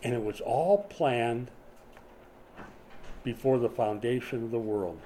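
A man's voice: medium pitch, slow pace, warm tone, slight background noise. A man in his sixties preaching a sermon in a conversational way, putting questions to his congregation. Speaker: pastor. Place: small church during a power outage.

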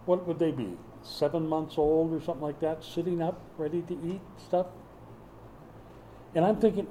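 A man's voice: a little high, moderate pace, dark tone, a little hiss or hum, rough recording. A middle-aged male pastor preaching a sermon, mixing folksy family stories and humor with scripture teaching.

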